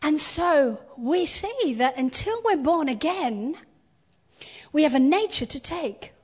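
Taking it slowly and expressively, a female pastor delivers a sermon in a bright, high voice, giving each phrase its time. Her emphatic preaching uses call-and-response, inviting the congregation to join in, and her key words get rising stress. It sounds dull and lo-fi, as if captured in a church.

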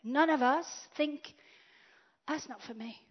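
A woman preaching a sermon, swinging from loud declarations to hushed whispers. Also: sits high, slow pace. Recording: dull lo-fi sound.

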